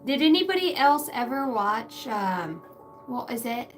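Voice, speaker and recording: A woman's voice: on the high side, sing-song, measured pace, a little hiss or hum. A woman doing a casual live tarot reading from her backyard shed. She rambles, cracks crude jokes and laughs a lot. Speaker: tarot reader.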